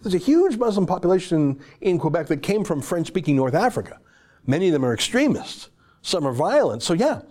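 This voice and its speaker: A man's voice: sits high, very animated, a little fast, a little mellow. A man hosting an opinion commentary show, delivering a sarcastic, emphatic, heated monologue.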